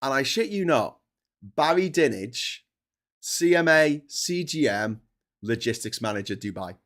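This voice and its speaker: A man's voice: on the high side, lively intonation, moderate pace. A man hosting a livestream, telling a long, rambling travel anecdote in a chatty, digressive way. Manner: chatty storyteller, digressive, stops to chat while eating. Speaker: livestream host.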